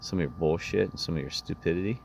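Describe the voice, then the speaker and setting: Very low-voiced man telling an indignant story. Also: fast talker, vocal fry, a little mellow, slight background noise. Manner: indignant, meandering storytelling with many restarts. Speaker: vlogger. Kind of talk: rambling personal anecdote.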